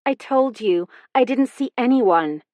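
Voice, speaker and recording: A woman's voice: on the high side, animated, unhurried, dry recording, pitched above the performer's own voice. A woman voicing a defiant young woman who answers questions sharply and evasively. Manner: sharp, defensive retorts.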